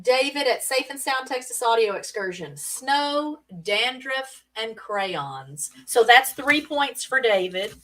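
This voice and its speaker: Bright high-voiced woman hosting a stream. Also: animated, takes it slowly, hardly any pauses, recorded from a distance, poor audio. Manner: chatty, reads viewer comments aloud, laughs often. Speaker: live stream host. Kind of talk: casual live-stream game hosting.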